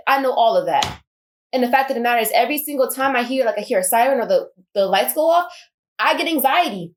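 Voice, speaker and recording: A woman's voice: a little high, expressive, brisk, a little hiss or hum. A woman giving an impassioned personal monologue, emphatic and repeating her points for force. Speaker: vlogger.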